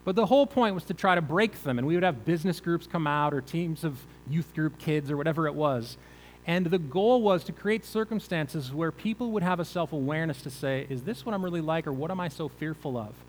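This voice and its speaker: A man's voice: on the high side, fairly quick, long reverb tail, slight background noise, rough recording. A male pastor preaching a conversational sermon, asking the listeners rhetorical questions.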